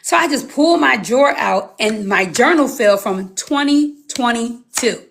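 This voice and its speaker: A woman in her thirties sharing a personal testimony as an interview guest, telling it with animated storytelling and acting out her own past words. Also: on the high side, unhurried, vocal fry.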